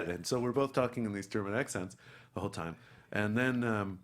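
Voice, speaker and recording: A middle-aged man, an actor guest, telling an animated story and acting out the people in it. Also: fairly low pitch, a little fast. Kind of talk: anecdotal storytelling.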